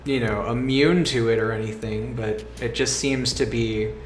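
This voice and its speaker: A man running a tabletop game as game master, hesitant and thinking aloud with many pauses. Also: mid-range voice, fairly even intonation, reverberant, slight background noise. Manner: slow, hesitant, lots of ums.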